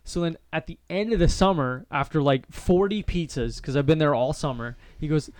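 Laughing young man, slightly higher voice. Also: a little mellow, clear, resonant tone, no room sound. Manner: laughs often, quick reactive interjections. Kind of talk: casual storytelling chat.

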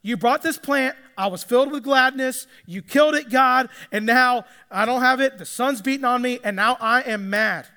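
A man's voice: extremely high pitch, normal speed, hardly any pauses, bright, forceful tone. A pastor acting out a stubborn, self-pitying male prophet, whiny and sarcastic. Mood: sulky. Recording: echoey hall with long reverb.

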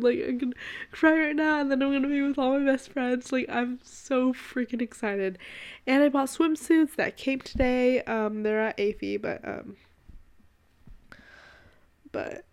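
A woman's voice: on the high side, clean tone. A young woman hosting her own podcast, chatting in a rambling, gushing way full of "like", with a congested voice. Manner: rambling and gushing, heavy use of "like". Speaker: podcast host. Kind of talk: casual solo podcast chat.

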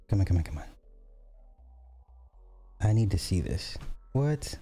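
Slow-talking man reacting to videos. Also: low voice, slightly rough, faint music behind. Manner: excitable, joking asides. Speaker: podcast host reacting to videos. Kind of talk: casual reaction commentary.

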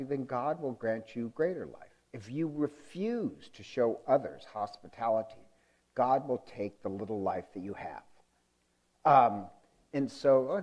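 A man's voice: mid-range voice, darkish tone. A man preaching a conversational sermon, telling a story in a chatty, amused way with many ums and uhs. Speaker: pastor.

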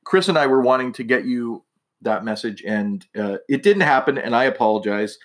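A man's voice: medium pitch, a bit bright. A man hosting a casual solo podcast, chatting in a rambling way with many fillers and restarts, a little tipsy and slightly slurring. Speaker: podcast host.

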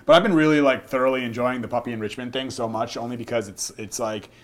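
A young adult man working as a dog trainer, talking casually and swearing freely while demonstrating, and dropping to a soft murmur when calming the dog. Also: medium pitch, fast.

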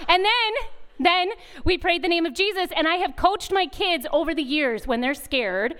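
A woman in her thirties speaking at a retreat, telling a lively story as a sermon and acting out voices in the quotes. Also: high voice, moderate pace, a little hiss or hum.

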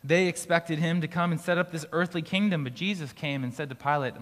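His voice sits a little high, steady, fairly quick and fairly bright as he preaches a sermon to a church gathering in a school auditorium. The pastor talks conversationally with restarts and occasional light laughs, and long hall reverb fills the recording.

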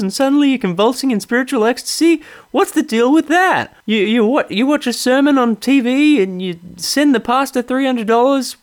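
A man's voice: very high voice, voice pushed up. A man putting on a smug male stand-up comedian, delivering observational riffs in a sing-song wise-guy voice.

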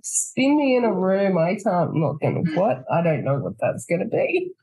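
A woman's voice: on the low side, huge pitch swings, normal speed, mellow, breathy edge, low-quality recording. A woman co-hosting a podcast, rambling through a casual story with restarts and swearing. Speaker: podcast co-host. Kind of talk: casual chat.

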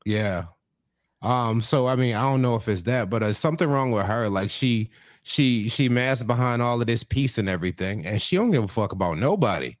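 A man's voice: mid-range voice, animated, normal speed, no echo, studio quality. A man co-hosting a podcast, talking emphatically and swearing freely in casual comedic chat. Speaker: podcast co-host.

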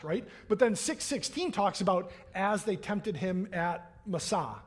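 A man's voice: sits high, expressive, normal speed, few pauses. A man preaching a sermon as a pastor in a church, in a conversational way that keeps checking in with "right?" and acts out the voices he quotes.

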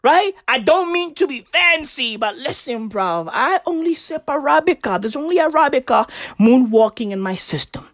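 A woman's voice: high-pitched, expressive, normal speed, hardly any pauses, no echo, clean studio sound. A woman doing a brash, profane comic rant and mocking other people's voices. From South Africa. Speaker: comedian.

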